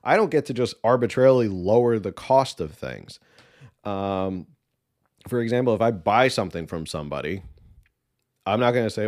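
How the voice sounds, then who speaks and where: Brief: male podcast host, mid-pitched, opinionated and sarcastic political commentary. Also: lively intonation, normal speed, a little mellow.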